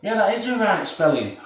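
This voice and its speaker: A man hosting a live cooking stream, chatting to viewers in a rambling, jokey way and often repeating himself. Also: high-pitched. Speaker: cooking livestream host. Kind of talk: casual live cooking chat. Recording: echoey room, voice far from the mic, faint noise.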